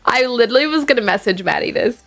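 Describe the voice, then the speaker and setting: A woman streamer chats playfully with her viewers while gaming, teasing them and laughing a lot. Her voice is a little high, animated, and gravelly, and she talks fast. Faint game music plays underneath.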